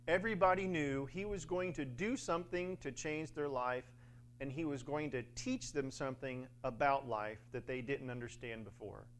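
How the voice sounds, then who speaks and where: A man's voice: a little high, a little hiss or hum. A man preaching a sermon in a conversational way, with fillers and little acted-out quotes.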